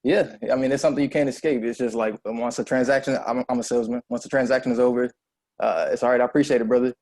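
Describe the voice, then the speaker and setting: A man speaking as a panel guest in a casual, halting way that trails off. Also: medium pitch, fairly even intonation, a little mellow, no room sound.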